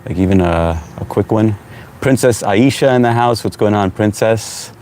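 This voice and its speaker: Deep-voiced man chatting on a live stream. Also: normal speed, a little hiss or hum. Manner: relaxed, chatty, greets viewers by name. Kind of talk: casual live-stream chat reading viewer comments. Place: at home.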